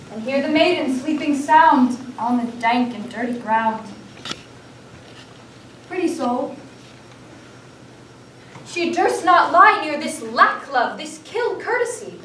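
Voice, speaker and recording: Brief: student actress as playful fairy sprite, high voice, distant roomy stage sound. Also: female voice, fairly bright tone, slight background noise, full character voice. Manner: light, rhyming verse delivery. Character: mischievous sprite Puck, young. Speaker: student actor. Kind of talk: school stage performance of verse. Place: theatre workshop room. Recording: echoey room, from far off.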